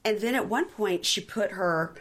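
A woman's voice: mid-range voice, normal speed. A woman co-hosting a casual chat show, telling long stories and acting out what others said. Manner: chatty storyteller, acts out quotes. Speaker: podcast co-host.

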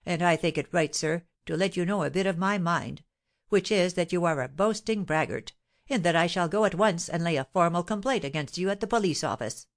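A prim older gentleman, read by a woman, formal and fussy as he complains. His indignation comes through in stiff, precise phrasing. It is storybook reading in a lowish voice. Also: brisk, close to an everyday voice. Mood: indignant. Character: placid older man turned indignant.

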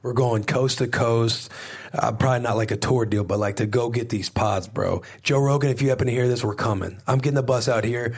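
A man's voice: mid-range voice, a little fast, breathy edge. A young man hosting a podcast, rambling and cursing casually from a hotel room. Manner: rambling, profane, energetic. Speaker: podcast host.

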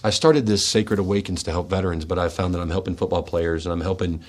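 A middle-aged man hosting a radio show, speaking in a raw, confessional monologue, tearful and shaky, swinging between forceful outbursts and hushed words. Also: low voice, fairly even intonation, fast. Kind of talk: emotional personal monologue. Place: radio studio.

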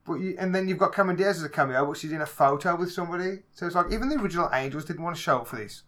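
Animated swearing Black Country movie reviewer. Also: male voice, on the high side, very fast. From England. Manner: animated, swears freely, acts out scenes in raised voices. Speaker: podcast co-host. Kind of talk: casual movie review chat.

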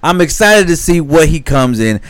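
A man's voice: on the high side, sing-song, moderate pace, dry recording. A man co-hosting a podcast in casual chat, laid-back and agreeable. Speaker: podcast co-host.

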